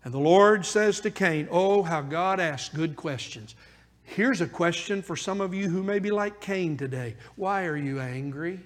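Male pastor, sermon, high-pitched voice, long church-hall reverb. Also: a little slow. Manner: preaching, drops to a hushed intense voice for pleading questions.

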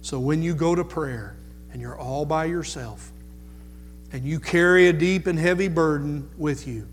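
A male preacher delivers a sermon at an unhurried, deliberate pace, leaning on repeated words. His voice sits somewhat high for a man. The sound carries a long reverb tail with soft music underneath. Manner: slow, emphatic preaching with repetition.

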